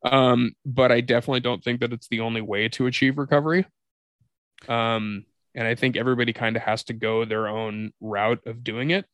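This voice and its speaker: A man's voice: mid-range voice, fairly bright tone, dry recording. A man co-hosting a podcast, telling a candid personal story in a profane, confessional way. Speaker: podcast co-host. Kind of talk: candid comedic podcast conversation.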